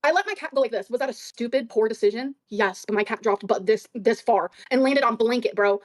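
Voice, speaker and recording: A woman arguing defensively on a livestream, swearing often and talking in rapid bursts. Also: fairly high pitch, dry recording, clean studio sound. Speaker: livestream guest. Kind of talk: heated livestream argument.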